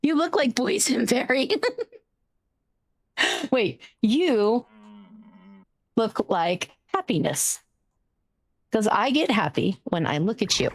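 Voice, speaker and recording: A young woman streaming a game, chatting in a bubbly, excitable, giggly way. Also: on the high side, dry recording, studio quality. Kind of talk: casual live-stream chat.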